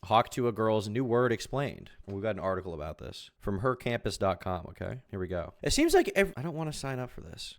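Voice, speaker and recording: A young man commenting on a live stream, wry and rambling with sarcastic asides. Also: fairly low pitch. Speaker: live streamer reacting to clips.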